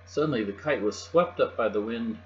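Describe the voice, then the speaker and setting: Man reading a kids' storybook, mid-pitched, soft and even; dull lo-fi recording, faint hum. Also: moderate pace. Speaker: storybook reader. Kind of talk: reading a picture book aloud.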